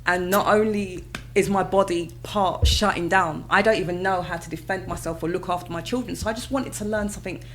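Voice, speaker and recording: A British woman, a mother, telling her own story in a casual interview, lively and expressive, often acting out her past reactions. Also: on the low side, fairly quick, few pauses, a little hiss or hum. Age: adult with children. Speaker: guest.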